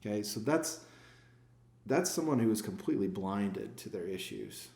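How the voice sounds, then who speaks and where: Deep-voiced former pastor, echoey room. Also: male voice, expressive, normal speed, creaky, dark tone. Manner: reflective, poses rhetorical questions and answers them. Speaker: sales manager and former pastor, guest. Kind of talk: casual podcast interview.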